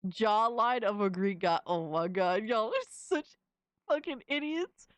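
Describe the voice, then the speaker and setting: A woman's voice: mid-range voice, expressive, unhurried, clean tone, no room sound. A young woman streamer reacting casually to fan images, slangy and exclamatory, often laughing.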